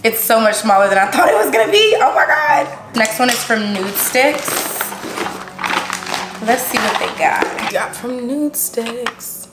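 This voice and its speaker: A woman, chatting excitedly to viewers while unboxing gifts at home, gasping and gushing as she goes. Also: a little high, measured pace, pauses often, loud music behind the voice. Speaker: vlogger. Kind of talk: casual unboxing vlog. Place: room at home. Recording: echoey room with background noise.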